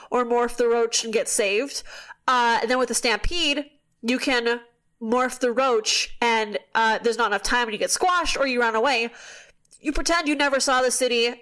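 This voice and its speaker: A woman with a slightly high voice hosts a casual podcast. She retells a story animatedly, tossing in quick asides and the occasional swear. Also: a bit bright. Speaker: podcast host. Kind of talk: casual chat recapping a book.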